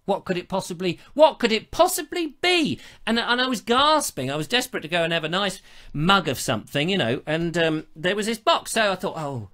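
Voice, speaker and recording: A man's voice: high voice, very animated, fairly quick, pushed and bright. A middle-aged man, hosting a live online show and telling stories in a chatty, theatrical way. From England. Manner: chatty, theatrical storytelling with playful asides. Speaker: show host. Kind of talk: casual live-stream chat.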